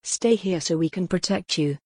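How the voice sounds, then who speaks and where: A woman's voice: fairly low pitch, normal speed, warm tone, husky, no room sound, studio quality. A woman voicing an earnest, protective old man in an audiobook.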